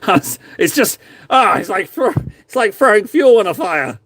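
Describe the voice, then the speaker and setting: A man's voice: sits high, sing-song, measured pace, long pauses, a bit bright, no room sound. A man chatting casually on a live stream, reviewing viewers' painted miniatures in a rambling, self-mocking, playful way.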